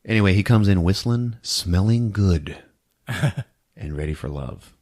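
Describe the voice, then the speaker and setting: Laughing often, a podcast host with a low-pitched voice walks through a movie's plot in a casual, animated storytelling style. He keeps a measured pace.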